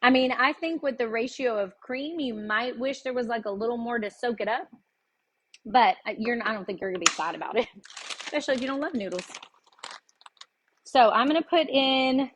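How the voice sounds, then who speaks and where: A woman talks her viewers through a recipe in her home kitchen. Her voice sits a little high, and she keeps the tone chatty and folksy, breaking into easy laughter. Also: normal speed, slight background noise. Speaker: cooking show host. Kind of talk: casual live cooking demonstration.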